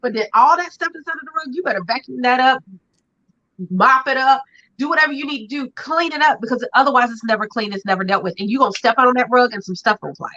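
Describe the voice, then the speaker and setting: Bright, lively woman host. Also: sits high, fast. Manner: expressive, vivid everyday metaphors and playful asides. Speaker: podcast host. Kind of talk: casual conversational chat. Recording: dull lo-fi sound.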